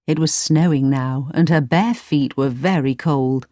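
Calm woman reading a storybook. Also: sits low, a little slow, no echo, clean studio sound. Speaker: narrator.

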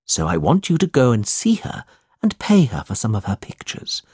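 A gentle, generous old benefactor, as a man voices him in a storybook reading. His lines rise and fall broadly, slightly husky, heard close and dry in the recording. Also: medium pitch, wildly swooping pitch, normal speed, no room sound. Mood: earnest.

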